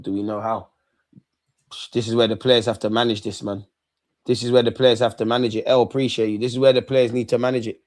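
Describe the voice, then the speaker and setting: A young man giving live, slang-filled commentary as a football fan hosting a match watchalong, repeating his phrases over and over. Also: medium pitch.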